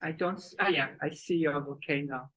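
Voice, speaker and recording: A woman teaching children's breathing exercises and telling a story, with halting speech and fillers. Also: low voice, a bit bright, low-quality recording. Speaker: kids yoga teacher.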